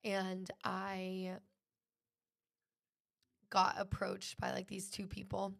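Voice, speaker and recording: A woman's voice: medium pitch, monotone, very slow, creaky, fairly bright tone. A young woman hosting a podcast, telling a personal story in a casual, earnest way with lots of "like". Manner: earnest, fills speech with "like". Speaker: podcast host.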